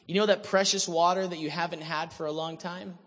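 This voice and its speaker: A man's voice: a little high, fairly even intonation, brisk, fairly bright tone, close to an everyday voice. A preacher voicing a cocky, defiant male prophet who taunts his rivals in a self-assured way. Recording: reverberant hall.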